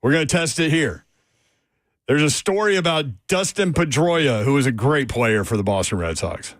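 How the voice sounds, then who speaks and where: A man's voice: medium pitch, lively intonation, normal speed, no room sound, clean studio sound. A man hosting a sports radio show, chatting casually, telling odd stories and reading out game listings. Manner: jokey, storytelling, reads out game lines. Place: radio studio.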